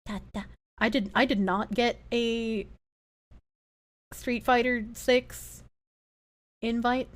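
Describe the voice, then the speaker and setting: A woman's voice: on the high side, slow pace, long pauses. A woman livestreamer chatting casually, swearing freely as she reacts to videos. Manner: animated, profane, reacting to videos. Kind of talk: casual chat.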